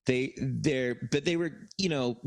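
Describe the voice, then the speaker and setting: A man's voice: mid-range voice, unhurried, gravelly, dry recording. Rambling, profane male podcast storyteller. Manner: rambling, profane, lots of fillers and restarts. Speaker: podcast co-host. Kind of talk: casual comedic storytelling.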